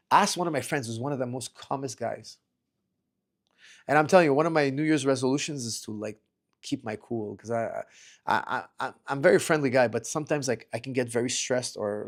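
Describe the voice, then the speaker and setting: A middle-aged male martial arts coach with a gravelly, slightly fried voice, talking loosely during a livestream Q&A. He reads viewers' questions aloud, then answers in a rambling way, repeating and restarting his words as he goes. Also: medium pitch. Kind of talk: casual livestream Q&A.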